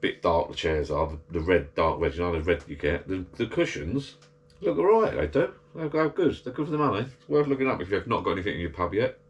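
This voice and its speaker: A chatty man with a slightly low voice rambles to his action camera from a garden shed bar. He grumbles, sighs and talks in an easy, meandering way. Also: sing-song, a little fast, lo-fi sound. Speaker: vlogger. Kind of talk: casual chat to camera.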